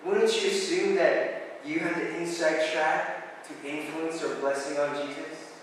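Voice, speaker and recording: A man's voice: on the high side, a bit bright, a little hiss or hum. A man preaching a sermon, talking to the congregation in a conversational way with relatable asides. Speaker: pastor. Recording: echoey hall, voice from far off.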